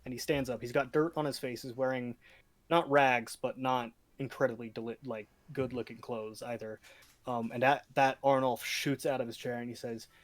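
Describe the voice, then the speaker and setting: A man narrating as game master of a tabletop game, with a dramatic delivery and sudden shifts in pace and loudness. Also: medium pitch, little pitch movement, normal speed.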